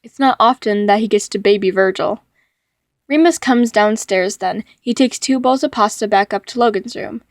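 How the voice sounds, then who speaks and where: A woman's voice: mid-range voice, moderate pace, dry recording, studio quality. Woman reading a story aloud. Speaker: narrator reading a fan fiction.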